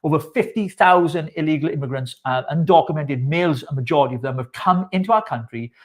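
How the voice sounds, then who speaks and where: A Welsh man co-hosts a live chat show in a relaxed, bantering way. He jokes easily and often pokes fun at himself. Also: fairly high pitch, quick pace. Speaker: co-host.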